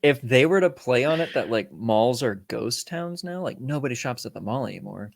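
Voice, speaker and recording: A man in his thirties riffs through a casual movie review with his co-host, swearing freely and slipping into goofy voices to quote scenes. His voice sits in an ordinary middle pitch. The sound is close and dry, with no room around it. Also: lively intonation, normal speed, gravelly, no echo. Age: 30s. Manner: swearing, joking, quoting movie lines in silly voices. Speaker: podcast co-host. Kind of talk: casual film review chat.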